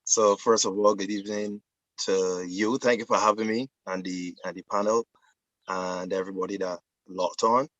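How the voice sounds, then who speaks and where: A man with a Barbadian accent makes his case in a debate, speaking earnestly and explaining as he goes. His voice sits on the low side, and the recording is dry and close. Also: fairly even intonation, moderate pace, fairly bright tone, dry recording, lo-fi sound. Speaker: debate guest, musician. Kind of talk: debate argument.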